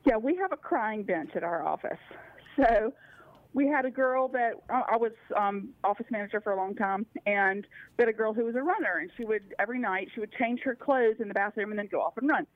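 A woman's voice: fairly high pitch, brisk, dry recording. Chatty woman caller on a phone line. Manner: chatty, laughing storyteller. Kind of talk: phone-in call on talk radio.

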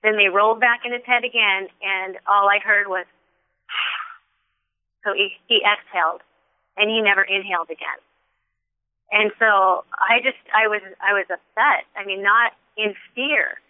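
A woman's voice: mid-range voice, moderate pace, clear, resonant tone, dry recording. Woman telling a testimony over a phone line. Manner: earnest, animated retelling with acted-out quotes. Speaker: guest sharing a testimony. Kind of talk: personal faith testimony, storytelling. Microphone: telephone.

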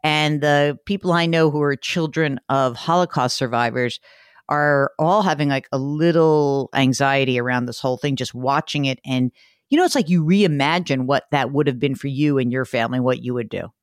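A woman hosting a radio call-in advice show, talking in a blunt, ranting, lively way. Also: extremely low pitch, moderate pace, dry recording, studio quality.

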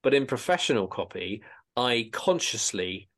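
A man's voice: medium pitch, very animated, moderate pace, fairly bright tone. A man hosting a casual podcast discussion, talking in a rambling way with many restarts and repeated words.

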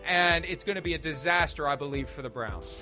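A man's voice: fairly high pitch, brisk, bright, forceful tone, soft background music. A man hosting a sports talk show, arguing emphatically and firing off rhetorical questions.

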